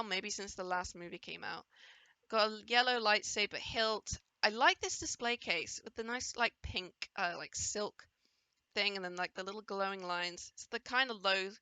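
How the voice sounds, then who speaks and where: A woman's voice: mid-range voice, sharp tone, clear, resonant tone, no echo. A woman giving casual, enthusiastic commentary over a game trailer, now and then playfully voicing the characters she sees. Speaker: gaming video creator reacting to a trailer.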